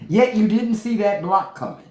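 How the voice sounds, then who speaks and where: A woman's voice: mid-range voice, expressive, normal speed, noisy background. A woman hosting a livestream, talking back to the chat with profane, mocking commentary. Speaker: podcast host on a livestream. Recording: roomy echo.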